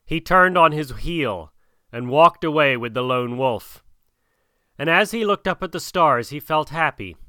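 A man reading a storybook aloud in an expressive, dramatic way. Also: on the high side, a little slow, clean tone, dry recording, studio quality. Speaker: narrator.

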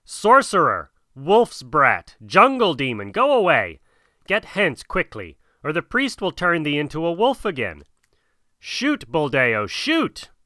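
A man shouting as an angry village mob. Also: a little high, wildly swooping pitch, slow pace, dry recording, studio quality, voice pushed up, heavily acted. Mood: hostile. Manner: shouting, hostile.

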